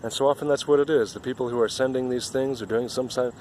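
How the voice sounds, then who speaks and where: A man's voice: mid-range voice, fairly even intonation, fast talker, a little mellow, slight background noise. A man giving an earnest, rambling spiritual monologue outdoors, often repeating himself.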